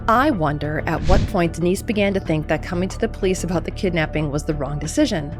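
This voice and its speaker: Lower-voiced woman narrating over music. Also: fast. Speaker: narrator of a true crime video. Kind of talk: scripted narration.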